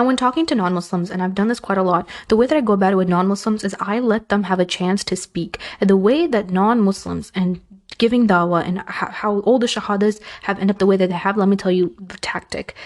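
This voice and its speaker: A young woman in casual conversation gives advice on her own podcast. She talks in an animated way and slips into quick impressions of the people she quotes, with a natural, mid-range voice. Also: medium pitch. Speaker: podcast host giving advice.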